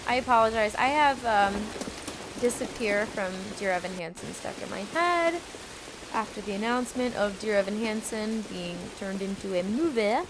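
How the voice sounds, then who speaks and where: A woman's voice: mid-range voice, normal speed, noisy background. A woman chatting casually while playing a video game on stream, swearing freely and talking to her chat and her cat. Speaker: let's-play streamer. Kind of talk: casual gameplay commentary.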